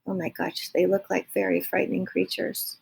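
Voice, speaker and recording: A woman reading a children's book aloud, with chatty asides and quick self-corrections. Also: on the low side, little pitch movement, gravelly, a little mellow, a little hiss or hum. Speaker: reader.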